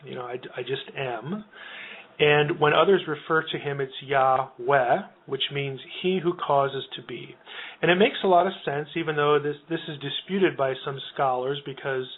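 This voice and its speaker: A man's voice: on the high side, moderate pace. Male guest scholar, patient and academic, heard over a tinny phone line. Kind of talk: radio interview explanation.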